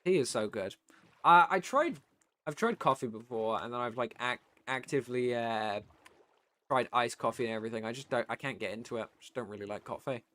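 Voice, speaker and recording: A tired British man chatting casually on a live stream, swearing freely and getting loud and worked up when he rants. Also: mid-range voice, expressive, a little fast. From Britain.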